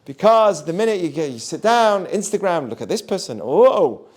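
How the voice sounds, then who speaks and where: A man teaching a class as a rabbi, animated, asking his listeners questions and mixing in Hebrew terms. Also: high voice, normal speed. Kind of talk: lively Torah class.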